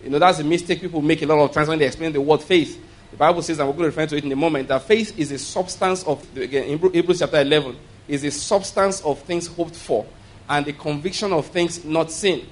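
A man's voice: a little high, fast talker. A man preaching a sermon, explaining scripture and often checking that listeners follow. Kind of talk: sermon teaching.

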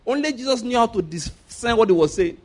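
A Nigerian-accented man delivers a lively sermon in a notably high voice. He fires rhetorical questions at his listeners and chuckles often as he makes his points. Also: a little fast. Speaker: preacher.

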